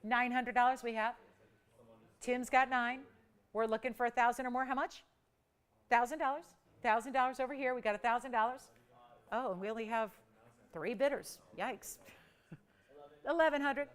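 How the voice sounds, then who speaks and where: A woman hosting a live shopping channel, calling out bids in an energetic, chatty auction patter. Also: fairly high pitch, clean tone. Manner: energetic, rapid bid calling; playful, chatty. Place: TV studio.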